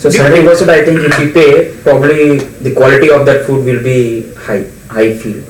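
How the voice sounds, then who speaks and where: A man's voice: medium pitch, level tone, normal speed, a little hiss or hum. A man making brief, tentative remarks in a casual group discussion. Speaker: discussion participant. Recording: echoey room, distant from mic.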